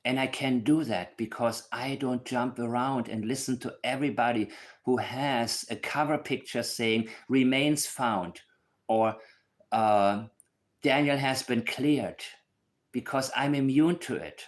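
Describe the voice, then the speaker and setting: In a medium-pitched, steady voice that moves a little slowly, this livestream host breaks down a case for his audience. His casual commentary is blunt and emphatic, peppered with remarks aimed at viewers.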